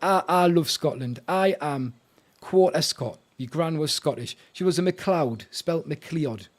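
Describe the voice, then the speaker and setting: A man's voice: a little high, measured pace. A man with a Northern English accent chatting casually on a live stream, greeting viewers and laughing often.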